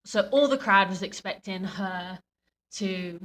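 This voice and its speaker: A woman's voice: mid-range voice, a little slow, fairly bright tone, low-quality recording. A woman co-hosting a podcast in casual chat. She tells stories with animation and acts out what people said. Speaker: podcast co-host. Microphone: podcast microphone.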